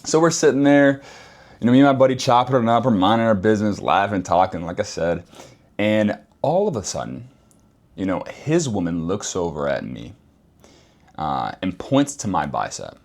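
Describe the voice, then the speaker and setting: A man speaks straight to camera in a relaxed, slang-heavy storytelling voice. His pitch jumps around a lot as he gets worked up, and he keeps circling back to repeat his points. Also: moderate pace. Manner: animated, slangy, repeats phrases for emphasis. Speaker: vlogger. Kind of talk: casual storytelling monologue.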